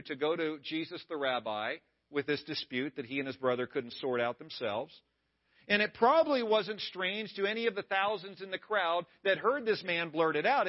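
A man with a high voice preaches a sermon to his church. He keeps it conversational and drops playful asides to the congregation. The sound is dull and lo-fi. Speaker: pastor. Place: church service.

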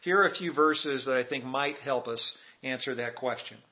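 A man's voice: medium pitch, normal speed, highs cut off. A man preaching a sermon as pastor, emphatic and calling on the congregation to repeat lines back. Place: church sanctuary.

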